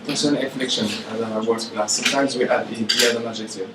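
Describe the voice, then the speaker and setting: A male student asking his teacher a question in class, halting and hesitant. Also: medium pitch, steady tone. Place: echoey classroom. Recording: echoey room from far off with background noise.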